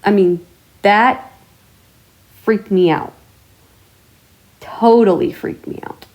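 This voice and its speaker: A woman vlogger chatting casually to her viewers, telling stories in a chatty way with mild swearing and drawn-out exclamations. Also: medium pitch, darkish tone. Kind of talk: casual chat to camera.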